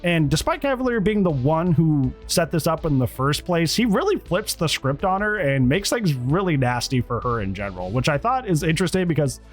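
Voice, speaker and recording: A man giving a casual, rambling review of a TV episode, animated and acting out bits of dialogue. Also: on the high side, fairly quick, hardly any pauses, soft background music. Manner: animated, rambling, acts out quotes. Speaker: TV show reviewer.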